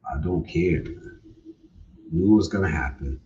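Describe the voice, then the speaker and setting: A man's voice: rumbling low, moderate pace, slight background noise. A man hosting a casual livestream, laid-back, repeating his points and often ending with "man". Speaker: livestream host. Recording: distant, dull lo-fi sound.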